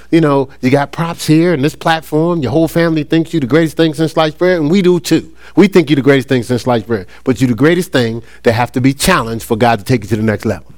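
A middle-aged pastor with a drawl preaches in an animated, conversational way, his pitch leaping up and down as he acts out playful little voices. His voice sits a touch higher than most men's. The sound is dry and close. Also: no room sound. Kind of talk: sermon.

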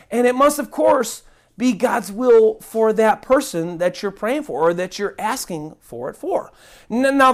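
Woman preaching online, fired up and disgusted, says things twice for emphasis, middle pitch. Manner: indignant, emphatic, repeats words for stress. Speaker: online Bible teacher. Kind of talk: earnest online Bible teaching.

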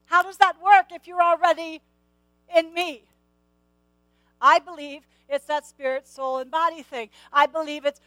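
A woman's voice: very high voice, fairly even intonation, measured pace, fairly bright tone, dry recording, low-quality recording. A middle-aged woman preaching a sermon, emphatic, repeating key phrases and asking the listeners questions.

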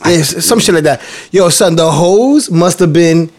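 A man's voice: a little high, moderate pace, a little mellow. A young man telling profane childhood stories in a casual podcast chat. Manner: profane, storytelling, laid-back. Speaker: podcast co-host.

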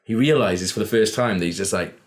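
A man telling stories in a casual podcast chat, animated and swearing freely. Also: on the low side, brisk. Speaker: podcast co-host.

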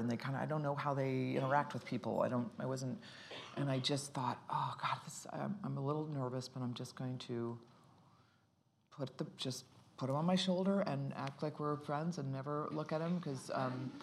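A woman's voice: very deep voice, gravelly, a little hiss or hum. A middle-aged actress talking casually in an interview, rambling and restarting her sentences, often laughing.

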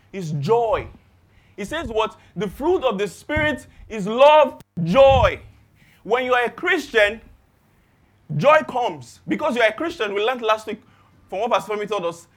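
A young Nigerian man with a Nigerian accent preaching a sermon, asking his congregation rhetorical questions. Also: sits high.

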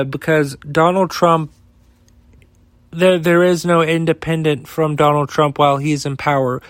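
Profane, slow-talking man ranting. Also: on the high side, no echo. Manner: profane, heated and rambling. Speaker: podcast host. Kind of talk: opinion rant.

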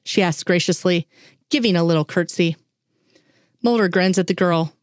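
Low-voiced woman reading a story aloud. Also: moderate pace, no room sound, studio quality. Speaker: reader. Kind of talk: reading fan fiction aloud.

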